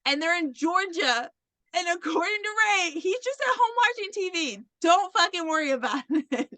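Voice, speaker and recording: A woman's voice: very high-pitched, very animated, normal speed, bright, forceful tone, dry recording. A woman hosting a podcast, animatedly retelling a movie plot with swearing and laughter, acting out the characters. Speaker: podcast host. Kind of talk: casual movie recap chat.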